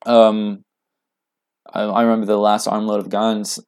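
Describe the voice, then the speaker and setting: A young man telling a personal story in casual speech, earnest and halting, with lots of fillers. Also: on the low side, flat delivery, a little mellow, clean tone. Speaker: guest.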